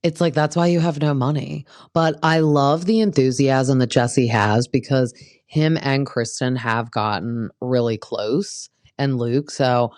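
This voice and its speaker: A woman's voice: very deep voice, steady tone, unhurried, a little mellow, dry recording, studio quality. A woman hosting a podcast, recapping a reality show in a chatty, gossipy way, full of "like" and "um". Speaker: podcast host. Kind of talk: casual recap commentary.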